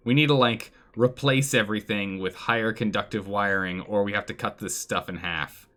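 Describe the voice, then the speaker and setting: A man giving live commentary on a colony game, animated and exclaiming, pleading with his characters. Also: fairly low pitch, normal speed. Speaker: streamer playing a colony game.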